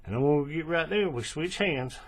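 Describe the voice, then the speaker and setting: A man with a husky, slightly breathy voice walks through a craft step by step from his worktable. His pitch moves around a lot as he talks. He is relaxed, checks in with the viewer, and fixes his own slips, all picked up on the camera's mic. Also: a little fast. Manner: relaxed, checks in with "right?" and self-corrects. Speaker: crafting tutorial host. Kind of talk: step-by-step hands-on instruction. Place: indoors at a table, working close to the camera.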